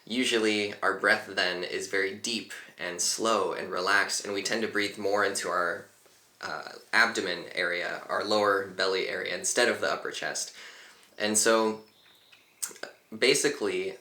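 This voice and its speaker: A man leading a guided meditation in a calm, unhurried, gently instructive way. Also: sits low, echoey room. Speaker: meditation teacher.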